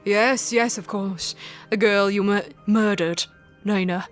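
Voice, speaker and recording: A woman's voice: mid-range voice, fairly even intonation, takes it slowly, faint music behind, close to an everyday voice. A woman voicing a mysterious, sinister male collector in a game with a put-on British accent, theatrical and cryptic. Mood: menacing.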